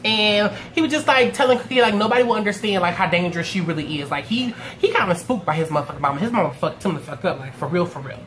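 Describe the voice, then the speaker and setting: A woman's voice: mid-range voice, fast talker, hardly any pauses. A woman recapping a TV episode in casual, profane talk, acting out the characters' lines. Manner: animated, acts out characters' lines in quotes. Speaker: TV recap reviewer.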